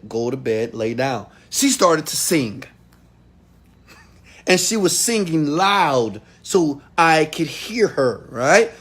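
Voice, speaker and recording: A man giving a motivational talk straight to his viewers, emphatic, swinging from quiet asides to loud outbursts. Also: fairly high pitch, slightly rough. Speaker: motivational speaker.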